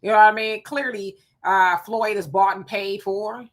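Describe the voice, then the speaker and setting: A woman hosting a live talk stream, chatting casually and reading viewer comments aloud in an animated way. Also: mid-range voice, normal speed. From California. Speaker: live show host.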